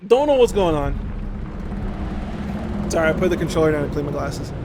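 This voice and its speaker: A man with a high voice tells a rambling, exasperated story while streaming a game. He swears freely and trips over his words. There is a faint hum behind him. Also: lively intonation, fairly quick. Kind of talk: casual storytelling while gaming.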